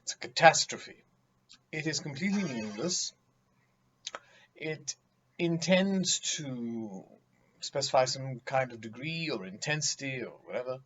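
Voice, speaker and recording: A man's voice: medium pitch, expressive, a little slow, pauses often, a bit bright, dull audio, slight background noise. A man giving a vocabulary lesson, speaking emphatically and theatrically, mocking vague words with acted examples. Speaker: teacher.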